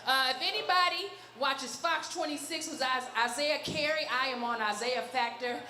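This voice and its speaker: High-voiced woman comic addressing the crowd. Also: normal speed, bright, forceful tone. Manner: chatty, addresses crowd as "y'all". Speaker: stand-up comedian. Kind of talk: stand-up set. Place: studio stage before a live audience. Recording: roomy live room with crowd.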